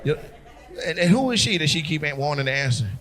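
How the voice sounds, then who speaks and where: A man's voice: a little high, lively intonation, a little fast, fairly bright tone. A middle-aged man, a stand-up comedian doing crowd work on stage, brash, teasing and profane with the audience. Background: audience laughter.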